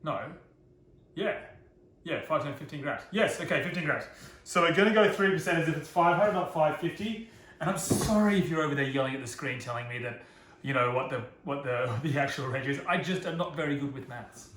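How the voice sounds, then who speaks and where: A man's voice: fairly high pitch, expressive, fairly quick, fairly bright tone, roomy sound, slight background noise. A man giving a casual cooking demonstration, chatty and self-deprecating, joking about his own slips.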